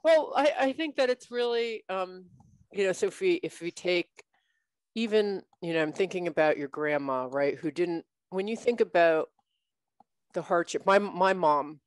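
Host, woman, low-pitched, casual conversational interviewer, dry sound. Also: normal speed, dry recording. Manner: attentive listener, casual and chatty.

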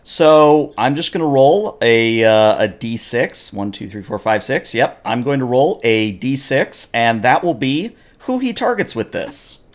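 Narrating a tabletop session as game master, this mid-range male voice keeps a measured pace and barely pauses. He tells the story animatedly, peppering it with frequent fillers.

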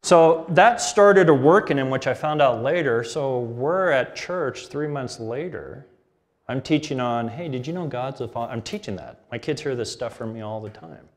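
A man's voice: medium pitch, lively intonation, moderate pace. A middle-aged man preaching a sermon, telling a family story with laughter and acted-out dialogue. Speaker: pastor.

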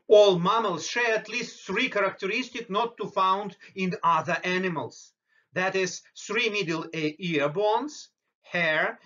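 High, bright-voiced male biology lecturer. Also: highs cut off. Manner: explanatory, slow and deliberate on terms. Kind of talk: recorded lecture over slides.

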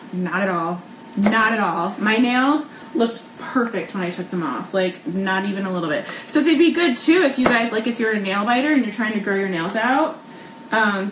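Chatty woman in an echoey kitchen. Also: mid-range voice. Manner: chatty, bubbly, laughs often, lots of um and like. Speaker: cooking vlog host. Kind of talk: casual live cooking chat. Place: home kitchen. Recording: echoey kitchen with clear background noise.

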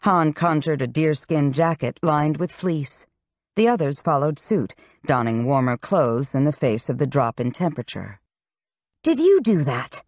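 A woman reading a fantasy novel aloud in steady, scripted narration. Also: low-pitched, normal speed. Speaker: audiobook narrator.

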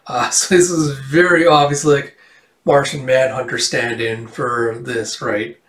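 A man's voice: mid-range voice, little pitch movement, measured pace, a bit bright. A man casually reading through a comic book, rambling with many fillers. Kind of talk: casual comic read-along. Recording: roomy, distant mic.

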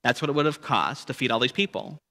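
A man's voice: medium pitch, fast, sharp tone, in a large hall. A man leading a church Bible study lesson, explaining the text and asking rhetorical questions with frequent "right?". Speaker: Bible teacher.

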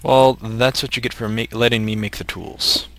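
A bit bright, steady in tone and at normal speed, this mid-range male voice belongs to a co-op survival game host. He plays while thinking aloud, chatting easily and teasing the partner beside him.

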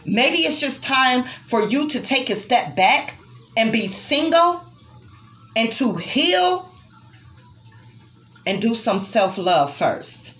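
Young woman tarot reader, animated higher voice, emphatic and tender, swears freely. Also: slow pace, pauses often. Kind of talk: tarot reading addressed to viewers.

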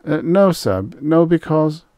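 A man's voice: on the low side, expressive, moderate pace, dark tone, no room sound, clean studio sound, pitched above the performer's own voice. A man voicing a frightened male hunter who stammers and pleads. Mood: nervous.

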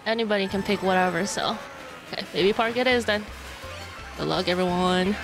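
A young woman streaming live, chatting excitedly and laughing as she plays a kart racing game. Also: mid-range voice, a little fast. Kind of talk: live gameplay commentary. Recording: game music loud behind voice.

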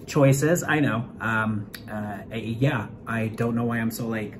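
A young man talking excitedly in a casual reaction vlog, stammering and fidgety, from a room while on a work trip, on a phone mic. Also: mid-range voice, slow, background noise. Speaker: vlogger.

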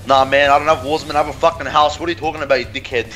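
A man's voice: a little high, fairly even intonation, racing, music in the background. A man in casual gaming chat, swearing a lot and rambling in loose rants. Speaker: gamer.

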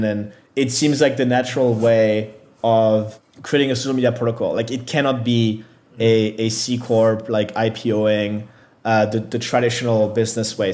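A man talks through his answers in a relaxed interview, his voice sitting at an ordinary middle pitch. He hesitates often, restarting phrases and leaning on fillers as he thinks aloud. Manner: hesitant, filler-heavy, self-deprecating. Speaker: startup founder guest.

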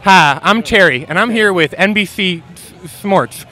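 A man joking around as a mock sports reporter, interviewing fans outdoors at a stadium tailgate with goofy, deadpan punchlines. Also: sits high, unhurried, faint music behind.

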